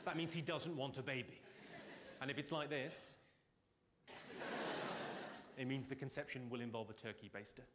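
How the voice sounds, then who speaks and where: A man doing live stand-up comedy on stage, teasing the audience with quick deadpan insults. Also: medium pitch. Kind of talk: live stand-up with crowd work. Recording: loud audience laughter and noise.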